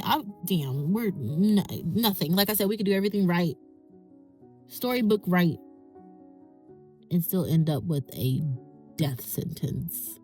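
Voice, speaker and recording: A woman's voice: lowish voice, a little mellow. A woman hosting a podcast, speaking in an impassioned, ranting monologue. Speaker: podcast host. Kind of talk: emotional monologue.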